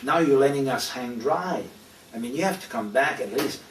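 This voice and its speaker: Man, older, shoot interview, profane, blunt storyteller, medium pitch, faint room hum. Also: expressive, normal speed. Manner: blunt, profane, heavy use of "you know". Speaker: former pro wrestler telling stories. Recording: echoey room, mic from a distance.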